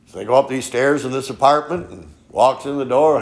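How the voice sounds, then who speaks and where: A man preaching a sermon in a folksy storytelling way, peppering his points with "okay?" and swinging from soft asides to loud emphatic lines. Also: medium pitch, lively intonation, a little fast, few pauses. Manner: folksy storytelling, frequent "okay?" tag questions. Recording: echoey room.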